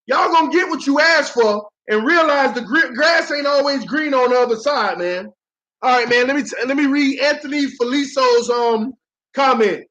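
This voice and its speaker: A man with a strikingly high voice calls plays and reacts to a live football game, excitable and theatrical, slipping into slang and loud groans. The stream audio sounds dull and lo-fi, with muffled highs. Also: moderate pace.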